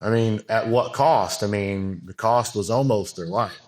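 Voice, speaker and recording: Male podcast guest, lowish voice, candid and meandering, casual. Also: measured pace, a little mellow. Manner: rambling, frank, many fillers and restarts. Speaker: podcast guest, bodybuilding coach. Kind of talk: casual interview talk.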